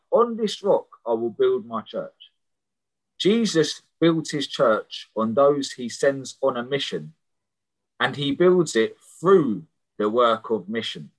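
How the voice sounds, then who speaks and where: Heard through a rough recording, this medium-pitched man preaches as a prison missionary. His sermon mixes personal testimony with stories told earnestly and conversationally, and he often repeats words as a phrase begins.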